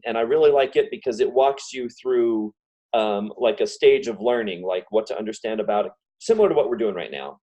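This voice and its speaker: A man giving a casual self-help talk on a video call. He talks fast and repeats example phrases over and over. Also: fairly low pitch, mellow. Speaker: guest speaker.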